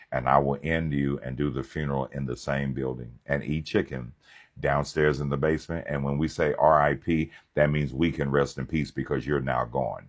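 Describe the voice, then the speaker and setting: Pastor guy preaching, super low voice, animated and funny, telling stories. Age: young adult. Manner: animated, conversational, humorous preaching. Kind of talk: sermon with storytelling.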